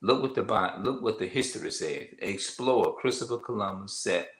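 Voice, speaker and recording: A man giving informal religious teaching, halting and repeating himself as he reads from notes. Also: on the low side, expressive, a bit bright, reverberant, poor audio.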